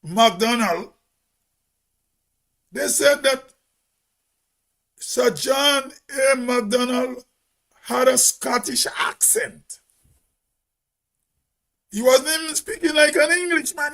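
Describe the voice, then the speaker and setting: High, slow-talking Grenadian man. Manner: emphatic, repeats words for stress. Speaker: host. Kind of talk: casual monologue.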